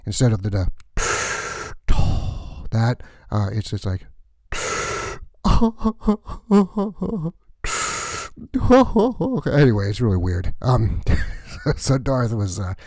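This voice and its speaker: A man's voice: mid-range voice, big pitch swings, drawn-out words, pauses often, a little mellow, no echo, clean studio sound, exaggerated voice. A man playing a gossipy male cleaner on a space station, rambling through chatty news full of asides in a comic sketch.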